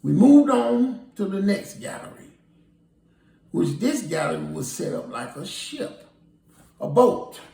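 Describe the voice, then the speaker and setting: A man's voice: high-pitched, sing-song, slow, gravelly, warm tone. A man, a tour guide, telling a rambling story casually and acting out what people said. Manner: rambling, acts out quoted dialogue. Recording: roomy, distant recording.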